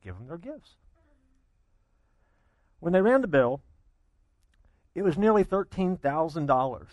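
A man preaching a sermon, telling a story in an animated way, dropping to a hush and then rising loud. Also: fairly high pitch, a little slow, dry recording. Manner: animated storyteller, swings between hushed and loud. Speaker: pastor.

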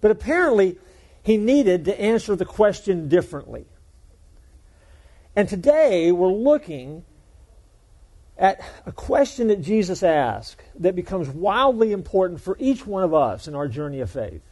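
A male pastor preaching in a relaxed, folksy way, chatting and joking with the congregation. His voice is warm and mellow and sits a little high for a man. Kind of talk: sermon.

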